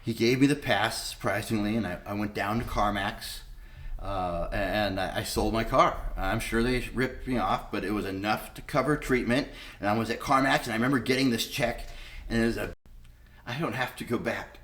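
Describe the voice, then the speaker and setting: A man's voice: fairly low pitch, normal speed, a bit bright. Blunt middle-aged man telling his story. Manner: candid, blunt storytelling with frequent swearing; re-enacts past conversations in quoted speech. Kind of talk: personal testimony talk.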